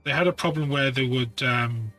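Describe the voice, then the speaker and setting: A man's voice: mid-range voice, normal speed, pushed and bright, faint music behind. A man talking casually through miniature painting tools, rambling with practical asides. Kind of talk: casual hobby tutorial talk.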